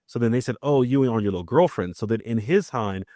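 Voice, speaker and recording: A Maryland podcast host with a medium-pitched, dark, expressive voice talks at a quick pace, chatting casually and telling family stories while acting out the dialogue. The sound is clean studio audio with no room sound.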